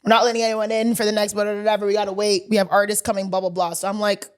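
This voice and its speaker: A woman's voice: medium pitch, little pitch movement, quick pace, a little hiss or hum. A young woman co-hosting a podcast, telling a story in casual chat, acting out quotes and laughing often. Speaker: podcast co-host.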